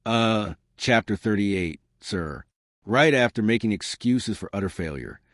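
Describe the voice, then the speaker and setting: A man's voice: fairly low pitch, animated, unhurried, fairly bright tone, no room sound, studio quality. A man doing a hesitant alien aide. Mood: sheepish. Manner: hesitant, apologetic. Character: nervous male alien aide.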